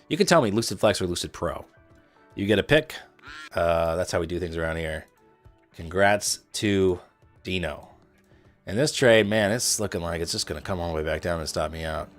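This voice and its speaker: A man with a neutral Midwestern accent and a slightly low voice, chatting casually on a trading livestream. He jokes around with his viewers, and faint music plays in the background. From Indianapolis, US Midwest. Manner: chatty, joking with chat, playful asides.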